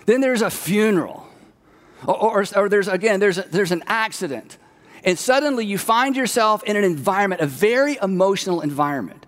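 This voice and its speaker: Man, pastor, sermon, animated, acts out quoted voices, long hall echo. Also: high-pitched, fairly quick.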